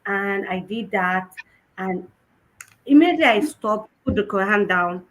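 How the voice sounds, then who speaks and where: A young woman with a Nigerian Yoruba-tinged accent, giving an animated personal testimony at a conference and mixing in Yoruba phrases. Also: mid-range voice, unhurried, slight background noise, poor audio. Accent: Nigerian, Yoruba-influenced English. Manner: animated storytelling, switching between English and Yoruba. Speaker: conference speaker.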